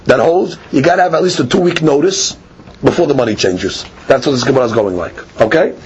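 A man teaching a daily Talmud class, explaining step by step and rising excitedly on key points. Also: medium pitch, a little fast, dull audio, noisy background.

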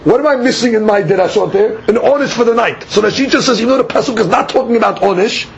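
High-voiced man teaching a study class. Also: fast talker, gravelly, breathy edge, dull audio. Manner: explanatory, poses and answers his own questions.

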